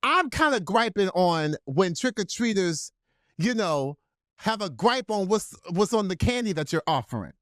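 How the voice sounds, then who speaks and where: A man co-hosting a podcast, chatting casually in an animated, playfully outraged way and laughing often. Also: high-pitched, moderate pace, no echo, clean studio sound. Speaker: podcast co-host.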